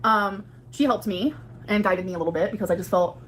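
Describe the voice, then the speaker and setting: A woman's voice: medium pitch, fairly quick, a bit bright, slight background noise. A young woman vlogging to her viewers, chatty and rambling, filling her speech with "like" while she does her makeup. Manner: chatty, rambling, heavy use of "like". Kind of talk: casual vlog talking to viewers.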